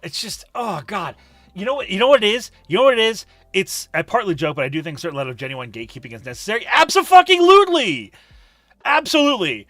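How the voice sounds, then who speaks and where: A man's voice: on the high side, animated, racing, fairly bright tone, no room sound. A man chatting on a live stream, emphatic and profane, ranting and reading chat messages aloud.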